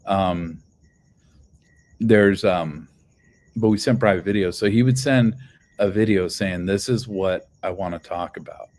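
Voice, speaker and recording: On a casual livestream picked up by a phone, a man tells a story in a low, slightly mellow voice, unhurried and full of long pauses. He swears heavily and rambles loosely with many restarts, his telling profane and heated.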